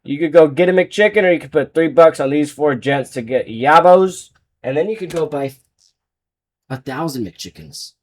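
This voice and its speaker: A man's voice: a little high, a little mellow, recorded from a distance. A man hosting a sports betting show, running through his picks in a hyped, rambling, jokey way. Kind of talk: casual betting picks talk.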